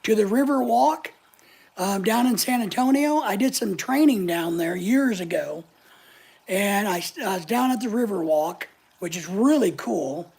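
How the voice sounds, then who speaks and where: A woman's voice: medium pitch, animated, unhurried, gravelly, a little mellow, husky. An older woman hosting a casual live chat, talking in a blunt, opinionated, chatty way. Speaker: channel host answering live chat.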